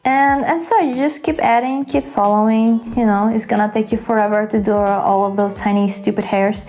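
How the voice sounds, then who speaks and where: A woman's voice: mid-range voice, steady tone, normal speed, a little mellow, faint music behind. A woman hosting a casual drawing tutorial, chatty and playful, with self-mocking asides. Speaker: art tutorial host.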